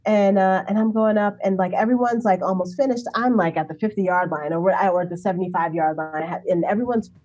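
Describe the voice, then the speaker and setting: Animated storytelling woman in her forties. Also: mid-range voice, fast, few pauses, highs cut off. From Brooklyn, New York City. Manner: animated, chatty, acts out remembered dialogue, laughs often. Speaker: interview guest. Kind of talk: casual conversational storytelling.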